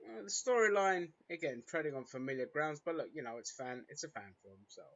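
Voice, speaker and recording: A man's voice: on the high side, a little fast, fairly bright tone, muffled recording. A man hosting a casual fan film reaction chat, wrapping up with upbeat, chatty verdicts. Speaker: reaction show host.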